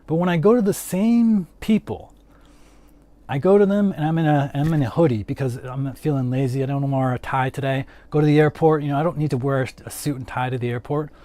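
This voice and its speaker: A man's voice: on the high side, mellow, no echo. A man chatting casually as a livestream host, rambling with lots of "like" fillers and answering his chat.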